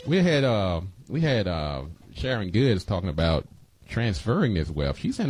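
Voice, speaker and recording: Male radio host, folksy and preachy, middle pitch, dry studio mic. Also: wildly swooping pitch, moderate pace, a little mellow, no echo. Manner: folksy, preachy, repeats phone numbers. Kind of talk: talk radio monologue. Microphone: studio microphone.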